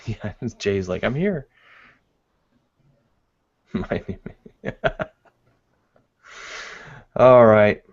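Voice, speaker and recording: A man's voice: on the low side, expressive, very slow, creaky, pauses often, dull audio. A man co-hosting a live webinar in casual chat, laughing often and reading the chat aloud. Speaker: webinar co-host.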